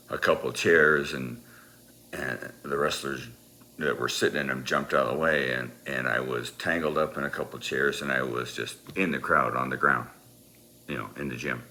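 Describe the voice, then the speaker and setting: Very deep gravelly man. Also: sharp tone. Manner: rambling, halting, self-deprecating. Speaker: storyteller. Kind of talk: casual personal storytelling.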